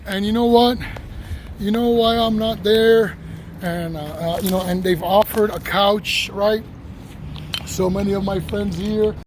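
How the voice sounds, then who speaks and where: A man live-streaming as he walks a city street, talking loudly and excitably, laughing and swearing often. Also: high-pitched, measured pace. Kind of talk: casual live-stream vlog. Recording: noisy street with passing traffic. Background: traffic noise.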